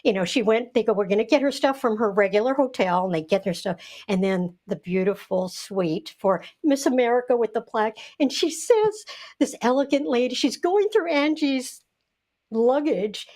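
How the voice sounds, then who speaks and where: A woman co-hosting a video podcast, telling a funny story in an eager, rushed way, laughing as she goes. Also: on the high side, lively intonation, darkish tone. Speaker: podcast co-host. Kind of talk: casual storytelling. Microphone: video call.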